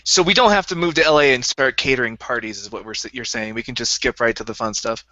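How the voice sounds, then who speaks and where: A man's voice: mid-range voice, fast, bright, forceful tone, dry recording, dull audio. A man hosting a podcast, chatting casually with lots of jokes and laughter.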